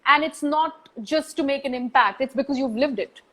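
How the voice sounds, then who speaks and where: A woman's voice: high voice, moderate pace, a bit bright, rough recording. A woman hosting a casual interview on a live video call, asking long, thoughtful questions. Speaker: interview host. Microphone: phone on a live video call.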